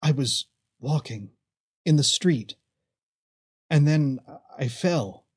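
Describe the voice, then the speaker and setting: A man's voice: on the high side, animated, breathy edge, heavily acted. A man voicing a dazed, stammering young man. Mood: dazed, confused. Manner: halting, stammering.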